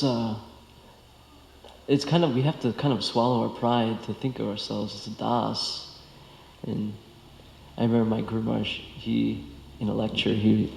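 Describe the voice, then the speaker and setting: A man giving a devotional scripture lecture, speaking haltingly with many fillers and restarts, recorded in a temple hall. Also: lowish voice, vocal fry, mellow.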